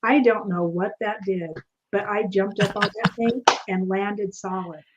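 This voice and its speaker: A woman guest tells a personal story with lively energy and acts out each line of dialogue. Her voice sits at a middle pitch. The audio is a little dull and lo-fi. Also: measured pace, background noise. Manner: animated, acts out quoted dialogue. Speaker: returning guest.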